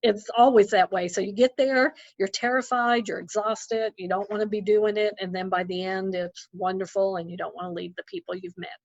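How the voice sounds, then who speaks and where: A woman guest on a video-call interview, a missionary telling lively stories and acting out her own remarks. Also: medium pitch, fairly quick, few pauses, dry recording. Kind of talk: casual interview. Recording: slightly dull lo-fi audio.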